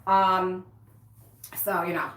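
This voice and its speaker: Drawing out her words, a woman talks frankly and emotionally to her livestream viewers, dropping casual swears. She's a recovery coach and host, with a lowish, slightly bright voice that barely moves in pitch. The sound is echoey and distant.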